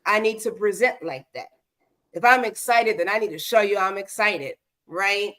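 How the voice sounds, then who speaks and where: A woman's voice: medium pitch, normal speed, a bit bright. Woman host, casual livestream chat, speaks straight to her viewers. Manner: addresses viewers directly, keeps asking "okay?".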